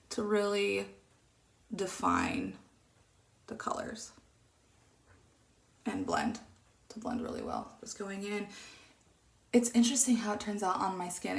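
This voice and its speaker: A woman chatting casually through a makeup tutorial, rambling and dropping into soft muttered asides. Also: medium pitch, creaky. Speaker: beauty vlogger. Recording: echoey room.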